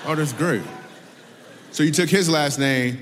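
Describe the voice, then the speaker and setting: A man's voice: fairly high pitch, unhurried, in a large hall, background noise. A man doing stand-up crowd work, teasing and laughing with an audience member. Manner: teasing, laughing, playful banter. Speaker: comedian working the crowd.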